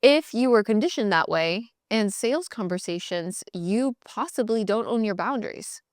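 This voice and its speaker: Blunt, animated woman coaching sales. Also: mid-range voice, moderate pace, dry recording, clean studio sound. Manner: blunt, animated, mimics voices in quotes. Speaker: podcast host and sales coach. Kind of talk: casual motivational talk.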